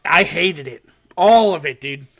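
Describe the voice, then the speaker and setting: A podcast co-host with a slightly high, unhurried voice animatedly retells a horror short in easygoing conversation, swearing a lot and laughing as he talks.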